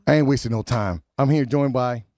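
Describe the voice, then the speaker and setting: A man's voice: mid-range voice, fairly quick, a little mellow, no echo, soft background music. A man hosting a morning radio show in a studio, chatting loosely, repeating himself and joking about himself. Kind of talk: casual radio banter. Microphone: studio microphone.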